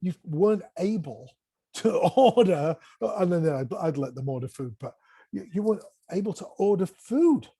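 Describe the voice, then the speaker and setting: Husky, animated man telling a story. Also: high-pitched, normal speed, dry recording. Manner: animated, acts out quotes, swears casually. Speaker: guest, music educator. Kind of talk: casual conversation, storytelling.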